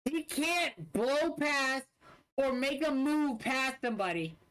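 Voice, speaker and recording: A man's voice: extremely high pitch, lively intonation, slow pace, fairly bright tone. A young man streamer giving blunt, dismissive, profane commentary while reacting to game footage. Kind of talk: casual livestream commentary.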